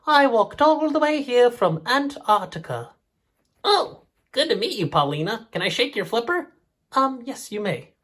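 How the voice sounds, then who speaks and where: A man voicing a prim, polite female penguin puppet with a put-on British accent, in a high voice. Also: big pitch swings, a little slow, fairly bright tone, exaggerated voice.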